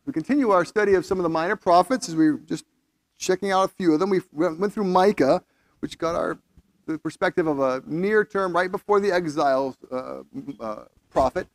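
A man's voice: high-pitched, brisk. A man leading a Bible study, explaining the text conversationally before reading scripture aloud.

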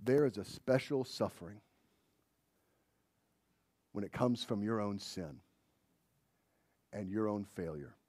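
A man preaching a sermon in a dramatic way, dropping to a hush and then rising to loud emphasis. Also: lowish voice, slow, pauses often, dry recording.

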